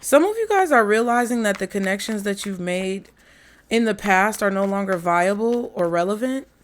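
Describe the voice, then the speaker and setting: Lively intonation and medium pitch mark this woman's voice, delivered at a normal speed. She's a tarot reader talking casually to her audience during a reading, laughing a lot and addressing them as "y'all" and "child."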